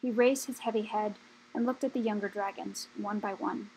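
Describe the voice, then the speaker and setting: A woman reading a children's book aloud at a steady, measured pace. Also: mid-range voice, slight background noise, rough recording. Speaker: audiobook reader.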